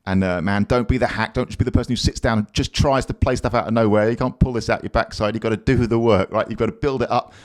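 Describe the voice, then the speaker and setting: A man's voice: fairly low pitch, fairly even intonation, fast, hardly any pauses. A man teaching drums, plain-spoken and encouraging, with blunt asides. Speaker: drum teacher. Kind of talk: drum lesson, counting aloud over playing.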